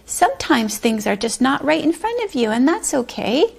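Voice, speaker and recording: A woman teaching a pre-kindergarten circle lesson, speaking slowly and drawing out words in a sing-song way for small children. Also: sits high, sing-song, gravelly. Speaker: preschool teacher.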